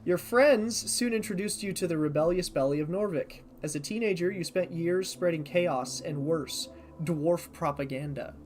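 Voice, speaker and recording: A streamer playing a game for the first time, reading the on-screen text aloud and thinking out loud, sometimes tripping over unfamiliar words. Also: medium pitch, normal speed, slight background noise. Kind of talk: casual let's-play commentary.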